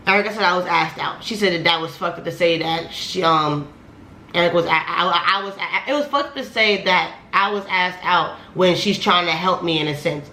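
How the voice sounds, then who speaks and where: A young woman vlogger telling a heated storytime, profane and animated, her voice climbing higher when she gets worked up. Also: brisk, slight background noise. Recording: echoey room with faint music.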